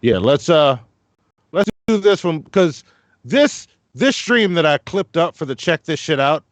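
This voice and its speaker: A man's voice: fairly high pitch, animated, a little slow, no echo. A man hosting a podcast in loose, profane chat, fumbling as he cues up clips. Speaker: podcast host.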